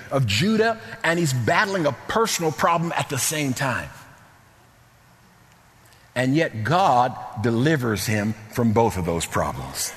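A middle-aged man preaching a sermon in a church, animated, repeating words and sometimes rising to near-shouts. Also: medium pitch, unhurried, big-room sound.

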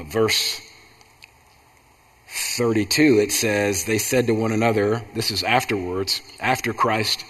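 A man's voice: lowish voice, a bit bright. Preaching man in a reverberant hall. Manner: repetitive preaching cadence, rising to emphatic bursts. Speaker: pastor. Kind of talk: sermon.

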